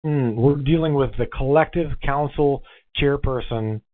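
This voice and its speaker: A man's voice: medium pitch, measured pace, no room sound. A man hosting a casual interview, stopping often to clarify things and restarting his phrases. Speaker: podcast host. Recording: phone-like call audio.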